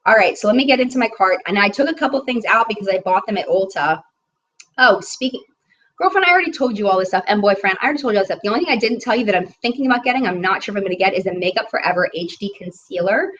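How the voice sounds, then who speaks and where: A woman's voice: medium pitch, expressive, racing, a bit bright, dull audio, a little hiss or hum. A woman in her thirties hosting a casual beauty live chat, chatty and bubbly, reading viewer comments aloud.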